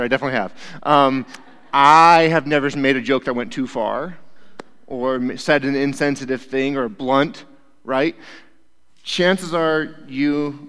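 Chatty youth pastor in a reverberant hall. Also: male voice, mid-range voice, fairly bright tone, smooth. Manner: conversational, keeps checking in with "right?". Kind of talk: casual sermon.

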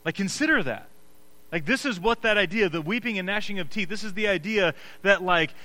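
A man preaching a sermon as pastor, earnest and emphatic, moving between hushed low passages and raised, pressing ones, with frequent restarts. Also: a little fast, poor audio.

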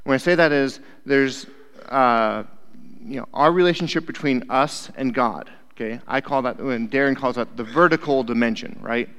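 A man's voice: mid-range voice, moderate pace, a bit bright, clean tone. Youth pastor, male, mid-range voice, casual preacher who keeps asking "right?", in a big echoing hall. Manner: conversational, keeps checking in with "right?". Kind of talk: casual sermon. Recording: long hall reverb.

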